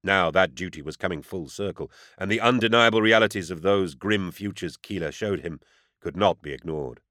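A man giving scripted audiobook narration in a measured, grave storytelling manner. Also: low-pitched, fairly bright tone, no room sound, clean studio sound.

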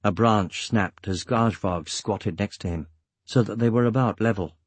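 A man reading an audiobook as narrator, measured and steady, with a husky voice. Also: on the low side, no room sound. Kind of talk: scripted narration.

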